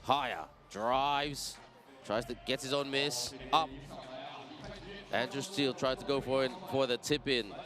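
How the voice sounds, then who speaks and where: A man commentating a live basketball game, energetic and chatty, greeting viewers in several languages. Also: medium pitch, unhurried, music in the background. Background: crowd.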